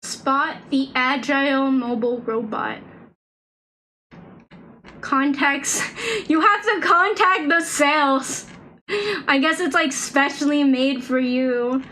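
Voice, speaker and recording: A young woman chats loosely as she streams a game, talking in a high voice and circling back with lots of fillers. There is faint background noise under her desk mic. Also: slow pace, pauses often, sharp tone, rough recording. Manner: chatty, rambling, lots of "like" and restarts. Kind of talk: casual gameplay stream chat.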